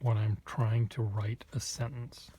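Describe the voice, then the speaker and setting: A man vlogging casually, thinking aloud in a halting, self-deprecating way, with muttered asides. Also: fairly low pitch, flat delivery, mellow, slight background noise.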